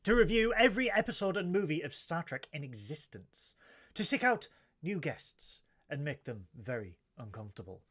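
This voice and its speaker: A man's voice: fairly high pitch, sing-song, normal speed, a bit bright, husky. A man hosting a comedy review podcast, teasing his co-host and rattling off mock-grand rants. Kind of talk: comedic review show chat.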